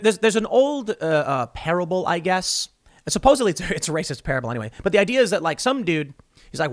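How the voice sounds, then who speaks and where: Man, solo political commentary, opinionated, rambling asides, slightly higher voice, dry close mic. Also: a bit bright, dry recording.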